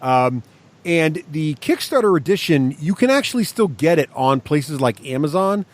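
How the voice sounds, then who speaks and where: A man co-hosting a podcast, talking eagerly about a game. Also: a little high. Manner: enthusiastic, quick, lively. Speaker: podcast co-host. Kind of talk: casual chat.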